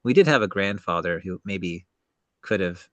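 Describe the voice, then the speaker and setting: A man with a slight Southern drawl, co-hosting a podcast and speaking in an earnest, measured, thoughtful way. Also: sits low, lively intonation, dry recording. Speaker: podcast co-host. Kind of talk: casual podcast banter.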